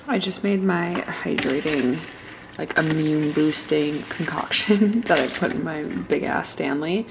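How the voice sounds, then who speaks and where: A young woman vlogging casually at home while doing chores, chatty and full of likes, often dropping to a soft whisper. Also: deep voice, slow, gravelly, background noise. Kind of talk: casual vlog chat.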